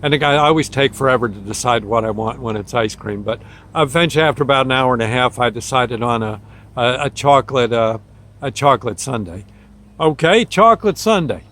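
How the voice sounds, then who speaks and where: A man's voice: medium pitch, brisk, a bit bright. A man who once worked on an ambulance crew, telling a story in a folksy, rambling way with chuckles between phrases. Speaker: ambulance crew member recalling a shift. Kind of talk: casual storytelling.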